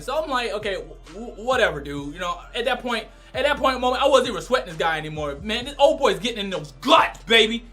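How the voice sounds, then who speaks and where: A man giving a casual, crude and animated spoken review, often breaking into loud exclamations. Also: very high-pitched. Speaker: anime reviewer.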